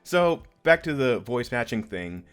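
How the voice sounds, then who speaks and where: A man's voice: medium pitch, very animated, a little slow, clean tone, soft background music. A man hosting a podcast, chatting in a playful, joking way and laughing often. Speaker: podcast host. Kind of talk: casual podcast chat.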